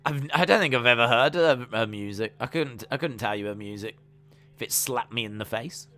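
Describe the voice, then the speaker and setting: A man's voice: medium pitch, fairly quick, sharp tone, soft background music. A man hosting a live stream, chatting casually and calling the action play by play with plenty of fillers. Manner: chatty, rambling, trails off with fillers.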